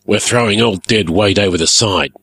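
A man voicing a gruff, blustering male airship pirate captain who barks his orders, in a storybook reading. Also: lowish voice, normal speed, fairly bright tone, dry recording. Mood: commanding.

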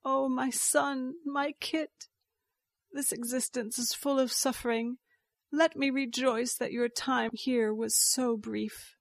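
A woman voicing a grieving rabbit-spirit wife who speaks calmly and steadily. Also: high voice, gravelly, dry recording, studio quality, exaggerated voice. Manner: calm, measured.

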